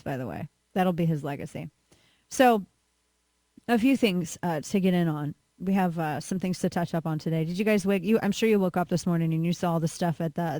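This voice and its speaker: A woman's voice: mid-range voice, a little mellow, no echo. A woman hosting a talk radio show, ranting in a sarcastic, mocking, rambling way on a close studio mic. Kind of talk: satirical talk radio rant.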